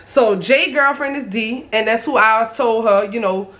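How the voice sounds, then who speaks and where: A young woman in her twenties with a somewhat high voice tells a storytime vlog. She speaks in a lively, profane way, as if talking straight to her viewers. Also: normal speed. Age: 20s. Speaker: vlogger.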